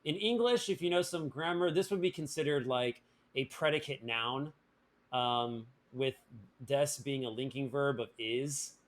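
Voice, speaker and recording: A man's voice: medium pitch, a little slow. A man teaching a language lesson on a live stream, playful and joking, with many fillers and restarts.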